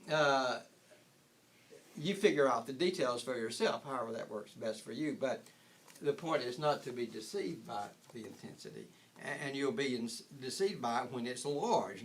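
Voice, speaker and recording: An older man giving an informal spiritual talk, rambling with frequent restarts and chuckling at his own points. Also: medium pitch. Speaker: spiritual teacher.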